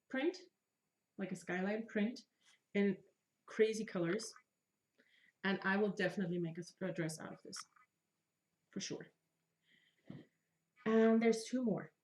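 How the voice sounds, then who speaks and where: A woman in her thirties with a mid-range, darkish voice hosts a casual craft podcast. She chats with enthusiasm and makes self-deprecating jokes.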